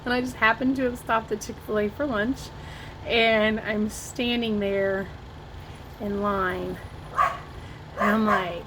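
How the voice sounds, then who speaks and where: A woman's voice: medium pitch, fairly even intonation, slow pace, long pauses, background noise. A woman from Ohio telling a story to camera in a chatty vlog, with lots of "like" and "oh my gosh". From Ohio, USA. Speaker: vlogger. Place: home, dogs nearby. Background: barking dogs.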